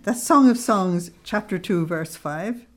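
A middle-aged woman who speaks on Christian mysticism gives an informal religious talk to a group, reading quotes aloud with feeling and laughing often. Her mid-range voice is unhurried, with lively intonation.

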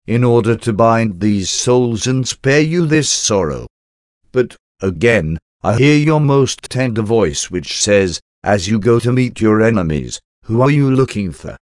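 A man reading a devotional prayer aloud in a measured, reverent way, phrase by phrase. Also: lowish voice, no room sound, studio quality.

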